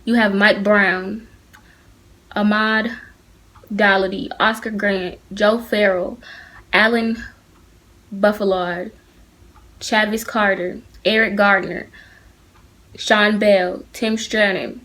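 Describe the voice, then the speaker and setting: A woman's voice: medium pitch, fairly even intonation, takes it slowly, pauses often, fairly bright tone. A teenage girl with a lilt, talking straight into her phone camera for a casual opinion vlog. Her delivery is earnest and heated, and it stays direct and personal as she addresses her viewers. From Atlanta, United States. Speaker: vlogger.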